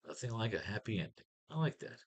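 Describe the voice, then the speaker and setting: A man teaching a writing class, giving casual commentary on comics. He talks in a profane, wisecracking and excitable way. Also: on the low side, fast, slightly rough.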